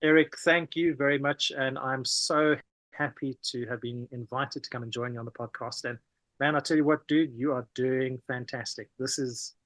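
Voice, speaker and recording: Brief: South African man, casual storyteller, dry close sound, mid pitch. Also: normal speed, no echo. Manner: animated, peppers talk with "man" and "you know". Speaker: podcast guest.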